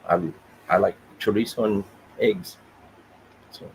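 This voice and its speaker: Low-voiced man, dry podcast banter. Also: steady tone, unhurried, a little hiss or hum, low-quality recording. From Oklahoma. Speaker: podcast co-host. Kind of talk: casual live chat.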